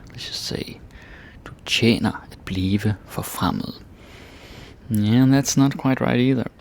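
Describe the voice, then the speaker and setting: A man teaching a casual grammar lesson, relaxed and checking in with "right?" and "eh?" as he explains. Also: fairly low pitch, vocal fry. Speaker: language teacher.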